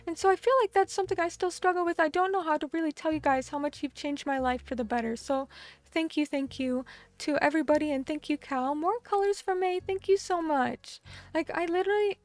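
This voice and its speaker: Bubbly high-voiced woman streamer. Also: no room sound. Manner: bubbly, effusive, stumbles over words. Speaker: vtuber streamer. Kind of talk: casual live-stream chat.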